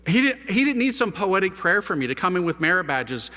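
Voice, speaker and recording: A priest telling his conversion story to an audience, a lively storyteller using casual slang and rhetorical questions. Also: high voice, brisk, hardly any pauses. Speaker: priest giving a conversion testimony. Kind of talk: animated testimony talk to an audience. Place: large hall with a live audience. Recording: reverberant hall.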